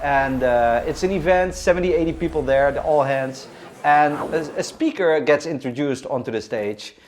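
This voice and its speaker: A man's voice: a little high, moderate pace, a little hiss or hum. A man co-hosting a podcast, talking with enthusiasm and plenty of restarts. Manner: enthusiastic, with many fillers and restarts. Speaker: co-host.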